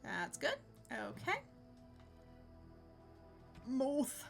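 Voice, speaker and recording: Young woman streamer, casual chatter, fairly high bright voice, soft game music behind. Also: sing-song, extremely slow, creaky. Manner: chatty, laughs often, talks to chat. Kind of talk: casual live-stream chat.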